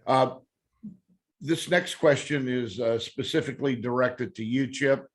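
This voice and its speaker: A man hosting a podcast panel interview, asking questions in a relaxed, chatty way. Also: mid-range voice, measured pace. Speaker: podcast host.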